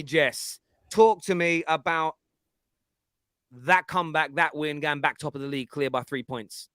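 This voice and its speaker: A man's voice: on the high side, steady tone, a little slow, bright, forceful tone, clear, resonant tone, no room sound, clean studio sound. An English man with a London Cockney accent, hosting a football fan show and chatting casually through viewer comments. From England. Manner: chatty, jokey, stumbles over words. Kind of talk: casual live-stream chat reading comments.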